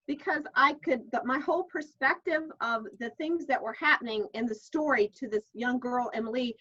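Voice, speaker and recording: A middle-aged woman author telling stories in a casual interview, chatty with many restarts. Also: fairly high pitch. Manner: chatty, warm storyteller, many fillers and restarts. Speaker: author and guest. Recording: dull lo-fi call audio.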